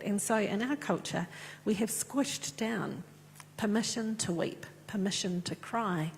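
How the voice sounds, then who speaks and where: A woman's voice: mid-range voice, normal speed. A woman preaching a sermon and reading scripture in an earnest, conversational way. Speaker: pastor. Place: church. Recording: echoey church with faint hum.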